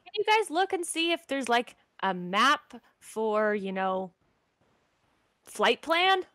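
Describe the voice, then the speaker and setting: A woman playing a tabletop game, talking hesitantly and playfully with lots of ums. Her voice sits fairly high. The sound is dry and close. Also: big pitch swings, slow pace, sharp tone, dry recording. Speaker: player. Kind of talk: casual tabletop game play.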